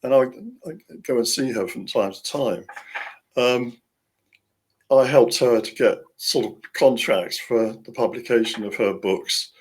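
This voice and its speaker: Male author guest, casual storyteller who rambles, chuckles and restarts, mid-pitched. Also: measured pace, breathy edge.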